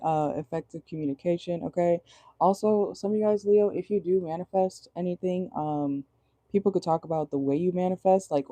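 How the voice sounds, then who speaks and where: A woman's voice: deep voice, warm tone. A woman giving a casual tarot reading from inside a car, chatty and rambling, laughing often and swearing casually. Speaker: tarot reader.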